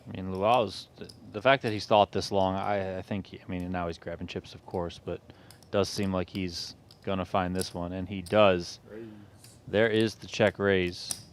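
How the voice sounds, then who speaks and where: A man calling poker hands play-by-play in a calm, steady manner. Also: deep voice, moderate pace, slight background noise. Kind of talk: live poker commentary.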